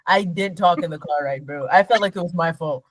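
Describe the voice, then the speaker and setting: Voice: medium pitch, fairly quick, dry recording, poor audio. A podcast co-host in casual chat who uses a lot of slang and teases and jokes. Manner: slangy, joking, teasing.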